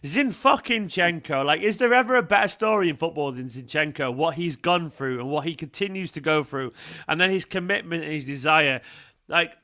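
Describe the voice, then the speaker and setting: A man from the north of England hosting a live fan stream, excitable and emotional, swearing freely. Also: on the high side, brisk. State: emotional after crying. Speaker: fan channel host. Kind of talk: casual live stream chat.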